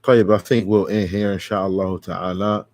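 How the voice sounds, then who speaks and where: A man teaching a classical religious text. He reads short passages aloud, then explains them slowly, with fillers and restarts. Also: low-pitched, flat delivery, darkish tone, no echo. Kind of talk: lecture translating a classical text. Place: institute classroom.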